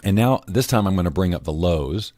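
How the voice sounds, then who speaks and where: Deep-voiced man, casual tutorial host. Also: lively intonation, brisk, darkish tone, no echo. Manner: casual, self-correcting, clears throat often. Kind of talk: screen-recorded software tutorial.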